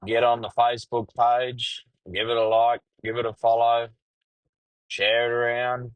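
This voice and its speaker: A man's voice: medium pitch, completely flat delivery, measured pace, dry recording, low-quality recording. A middle-aged Australian man hosting a podcast, telling a casual, crude story from his truck-driving days and swearing freely. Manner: crude, swears freely, laid-back yarning. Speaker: podcast host; truck driver.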